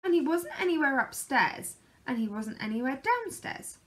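A woman reading a children's picture book aloud in a lively, expressive way. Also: sits high, moderate pace. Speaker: storyteller.

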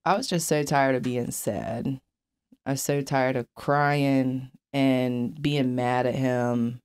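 A woman's voice: very deep voice, steady tone, slow, a little mellow, clear, resonant tone. A young woman as an interview guest, telling her life story candidly and bluntly, with frequent swearing and fillers. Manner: blunt, profane, many fillers.

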